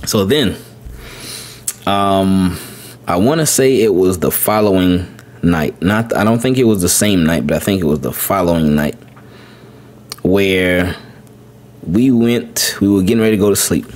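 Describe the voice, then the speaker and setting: A man hosting a podcast, telling a family story in a loose, rambling way, repeating words and jumping higher when he quotes his son. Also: animated, unhurried, pauses often, a little mellow. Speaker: podcast host. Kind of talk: casual storytelling.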